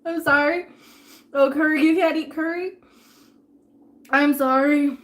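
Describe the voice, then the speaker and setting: Woman streamer, 30s, a bit high-pitched, rambling casual chat, eating on stream. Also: steady tone, a little slow, a bit bright. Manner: chatty and rambling, thanking viewers, talking with food in her mouth. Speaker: live streamer.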